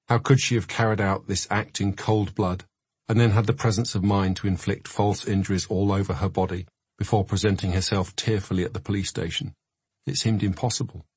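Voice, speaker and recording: Low husky man narrating a memoir. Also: a little mellow, no room sound.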